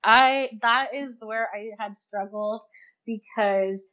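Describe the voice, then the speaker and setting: A young woman in casual interview chat, talking fast and loosely, laughing often and acting out her own thoughts. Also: a little high, a bit bright, muffled recording. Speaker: guest.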